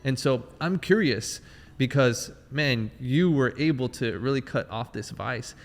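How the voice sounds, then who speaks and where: A man's voice: medium pitch, animated, a little slow. Male podcast host, motivational, enthusiastic, reverberant room. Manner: enthusiastic, motivational, addresses the audience. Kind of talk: interview.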